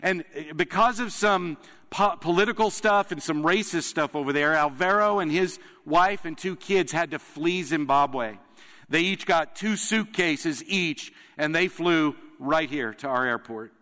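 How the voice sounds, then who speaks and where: A man preaching from the pulpit, his slightly raised voice carrying through a big sanctuary with a long reverb tail. He speaks earnestly, leaning on pauses to drive each point home. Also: fairly high pitch, pushed and bright. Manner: earnest storytelling with emphatic pauses. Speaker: pastor. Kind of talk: sermon. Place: church sanctuary. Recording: long reverb of a large hall.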